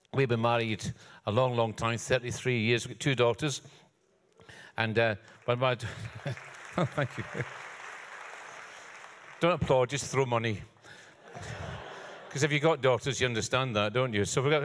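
A man's voice: medium pitch, a bit bright, big-room sound. An older man, a guest preacher, giving a sermon with joking, self-deprecating asides. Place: church hall.

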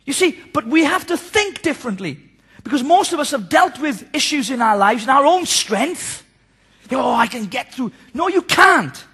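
Male preacher with a very high, bright voice who tells animated stories. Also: moderate pace. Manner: animated, storytelling, mimics people. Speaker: pastor. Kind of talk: sermon.

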